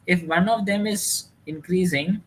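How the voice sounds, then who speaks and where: A man's voice: high-pitched, a little slow, slight background noise, low-quality recording. A man teaching a classroom lesson, mixing with Hindi and quizzing students. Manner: animated, mixes English with Hindi, asks students questions. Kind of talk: classroom lecture.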